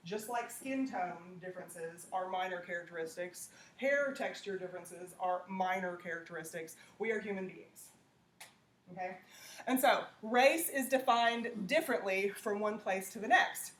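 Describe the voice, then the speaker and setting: A woman lecturing a classroom, talking conversationally and checking in with "okay?". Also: mid-range voice. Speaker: teacher.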